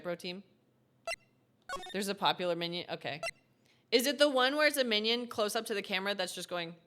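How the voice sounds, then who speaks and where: A woman's voice: medium pitch, a bit bright, slight background noise. A young woman streaming a game, chatting casually with her viewers and giggling often. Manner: giggly, chatty, talks to chat. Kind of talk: casual live-stream chat while playing. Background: game music.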